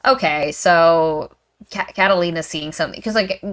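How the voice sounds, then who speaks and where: Animated woman chatting about books. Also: fairly low pitch, normal speed. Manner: animated, mimics characters in quotes, laughs often. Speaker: book podcast co-host. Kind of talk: casual book discussion.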